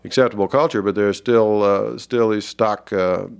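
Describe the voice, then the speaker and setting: Gravelly Georgia-accented man, halting. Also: lowish voice, fairly even intonation. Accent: Southern US, Georgia. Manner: halting, many fillers and restarts. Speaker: author and guest. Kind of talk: reflective interview talk.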